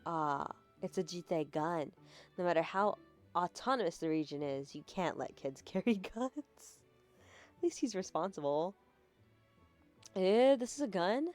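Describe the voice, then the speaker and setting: A woman's voice: on the low side, lively intonation, measured pace, a little mellow. A woman streamer casually live-translating a game, with chatty, laughing asides. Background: game music.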